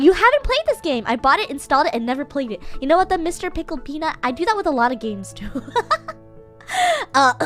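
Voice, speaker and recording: A young woman with a very high, bright voice that leaps all over the place while she chats on a live stream. She sounds bubbly and giggly, thanking viewers one after another. Soft game music plays faintly behind her desk mic. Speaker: VTuber streamer. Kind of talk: casual live-stream chat.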